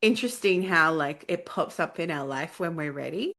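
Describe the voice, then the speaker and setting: A woman hosts a relaxed interview podcast, her voice sitting a little low. She talks in a loose, chatty way and fills her stories with "like" and "you know.". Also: normal speed. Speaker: podcast host. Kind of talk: casual interview chat.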